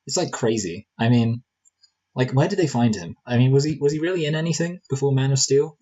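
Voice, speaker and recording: A man co-hosts a casual film review podcast in a mid-range, dark, husky voice with lively intonation, speaking fairly quickly. He rambles and jokes with lots of fillers and restarts, and the sound is lo-fi.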